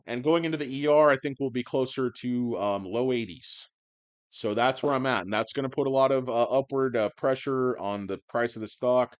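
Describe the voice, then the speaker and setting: Hoarse guy ranting about stocks on his channel, swears a lot, kinda smooth voice, mid pitch. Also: normal speed. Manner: profane, rambling, sardonic, swings into loud rants. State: hoarse, voice worn out. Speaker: stock video host. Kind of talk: rambling stock-market video monologue. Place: indoors under bright lights.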